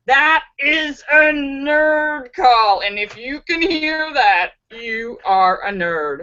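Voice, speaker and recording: A woman's voice: sits high, lively intonation, slow, hardly any pauses, bright, forceful tone. A woman hosting a casual live stream, giggling often and chatting with viewers through fillers and restarts. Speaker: live stream host reading viewer comments. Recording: slightly dull lo-fi stream audio.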